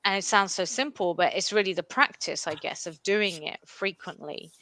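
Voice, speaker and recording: Bright-voiced woman in spiritual chat. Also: mid-range voice, moderate pace, no room sound. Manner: animated, emphatic, shifting pace. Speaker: podcast co-host.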